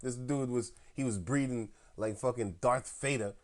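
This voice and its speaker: A man's voice: mid-range voice, moderate pace. A man ranting in a casual, profane, slangy story, acting out both sides of heated phone arguments, with a voice that drifts off-mic at times. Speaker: camp member telling a story.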